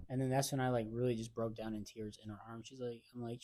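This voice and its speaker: A man's voice: mid-range voice, flat delivery, quick pace, mellow, a little hiss or hum. A young man co-hosting a podcast, telling a personal story in slangy casual chat with acted-out quotes. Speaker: podcast co-host.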